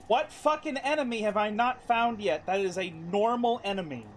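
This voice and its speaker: A man with a notably high voice streams a game, cursing freely in casual talk. His commentary comes through a desk mic. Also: moderate pace, slight background noise. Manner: exasperated, heavy swearing.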